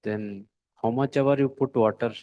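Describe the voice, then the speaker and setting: Halting man giving a sermon. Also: medium pitch, fairly even intonation, no echo, lo-fi sound. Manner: halting, with frequent pauses and fillers; asks the listeners rhetorical questions. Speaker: devotional lecturer.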